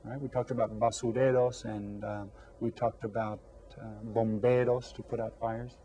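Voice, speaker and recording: An elementary Spanish teacher with a mellow, darker, medium-pitched voice runs a scripted lesson for young children, speaking slowly and clearly in a level tone. He asks questions and pauses for answers. A faint hiss runs underneath, and the high frequencies are cut off.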